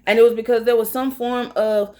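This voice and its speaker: A woman's voice: a little high, flat delivery, fairly quick, a little mellow. A woman giving a casual tarot reading, blunt and profane, rambling as she talks. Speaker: tarot reader.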